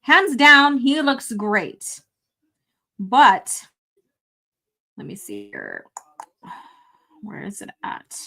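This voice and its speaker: A woman's voice: on the high side, wildly swooping pitch, drawn-out words, pauses often, sharp tone. A woman live-streaming a fan film review, talking casually, laughing and swearing often.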